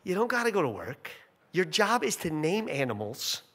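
A man's voice: on the high side, big pitch swings, moderate pace, fairly bright tone, slightly rough, exaggerated voice. A man voicing a sly male serpent devil who talks in a coaxing, insinuating way.

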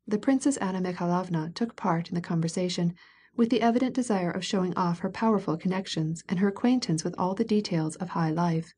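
Husky woman narrating an audiobook. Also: fairly low pitch, fairly quick, mellow.

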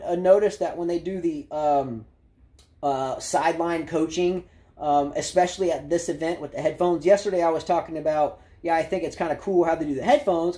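A man's voice: fairly high pitch, mellow. A man in his thirties ranting about tennis in a rambling, sarcastic way, full of fillers and side remarks. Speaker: tennis commentary vlogger. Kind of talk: opinionated casual rant.

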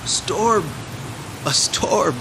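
A man voicing a weary, poor old male peasant farmer who is emotional and cries out loudly. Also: extremely high pitch, animated, takes it slowly, creaky, roomy sound, recorded from a distance, noisy background, voice pushed up, heavily acted. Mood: ecstatic. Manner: emotional, given to loud cries.

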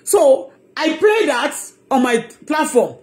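A woman's voice: high-pitched, expressive, takes it slowly, darkish tone. A woman with a Nigerian accent giving an impassioned, heated monologue on her blog, emphatic and repeating herself. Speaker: online blogger.

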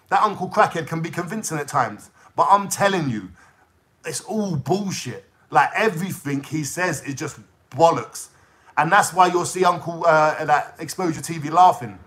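A young London man with a London accent holds forth in an angry, swear-filled rant to his channel's viewers. His voice sits high for a man and comes out sharp and tense. He talks in street slang and keeps pressing his point. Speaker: YouTuber ranting to viewers. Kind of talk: heated monologue.

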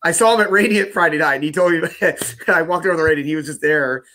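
Bright punchy guy cohosting a podcast, bit high, laughs a lot. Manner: animated, with frequent laughs and quick reactions. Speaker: podcast co-host. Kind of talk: casual chat.

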